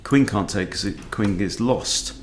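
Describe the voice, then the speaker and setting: A man, a chess coach thinking aloud in a relaxed, understated way as he plays a fast game. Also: lowish voice, a little hiss or hum. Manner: muttering, understated, self-talking. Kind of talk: thinking aloud while playing blitz chess.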